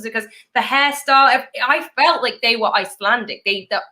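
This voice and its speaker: A woman hosting a casual chat, talking in a lively way, often laughing and jumping up in pitch. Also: fairly quick, hardly any pauses. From Europe. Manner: chatty, laughing, animated pitch jumps. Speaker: YouTube host.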